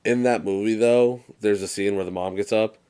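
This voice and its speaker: A young man with a very low voice co-hosts a casual podcast. He tells stories with animated energy, swears freely and slips into quoted movie lines. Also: normal speed, smooth. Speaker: podcast co-host. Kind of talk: casual chat.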